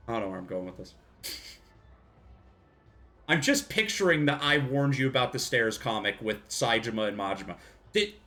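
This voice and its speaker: A man's voice: mid-range voice, a bit bright. A man casually commenting while playing a video game on a live stream, joking, laughing often and swearing freely.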